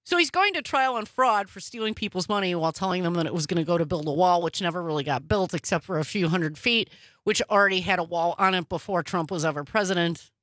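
A woman co-hosting a podcast, giving casual political commentary in a quick, sarcastic manner. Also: lowish voice, a bit bright, no echo, clean studio sound. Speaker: podcast co-host.

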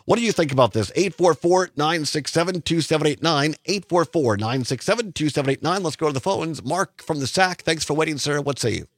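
A man's voice: fairly high pitch, expressive, fairly quick, few pauses, no echo. A man hosting a talk radio show from a studio mic, reading news quotes and then pressing his own views with emphatic questions.

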